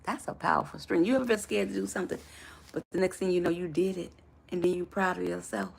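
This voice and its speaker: A woman's voice: fairly low pitch, fairly even intonation, quick pace, creaky, breathy edge. A woman life coach giving a motivational live talk to her viewers, affectionate and preacher-like in her encouragement.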